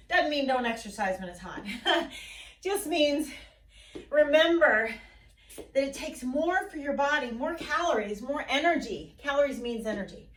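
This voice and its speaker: High-voiced woman coaching a workout. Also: fairly bright tone, distant mic. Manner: encouraging, counts down and cheers. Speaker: fitness instructor. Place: basement at home. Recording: roomy echo, voice a bit off-mic.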